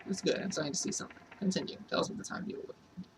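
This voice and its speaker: A man with a high-pitched, rapid-fire voice narrates a let's play of a role-playing game, reading every character's dialogue aloud himself. The mic sits far away in a noisy room.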